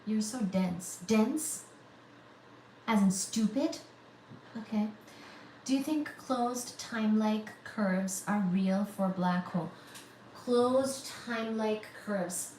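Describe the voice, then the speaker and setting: Slow, chatty woman streamer in an echoey room. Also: medium pitch, darkish tone, slight background noise. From India. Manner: reads viewer comments aloud and answers them, teasing and chatty. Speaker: livestream host of a physics channel. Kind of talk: casual livestream chat.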